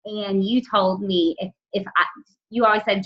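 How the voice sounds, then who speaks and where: A woman's voice: medium pitch, fairly even intonation, moderate pace, dull audio. A woman sharing heartfelt, slightly emotional advice with her team on a call. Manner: emotional, reflective.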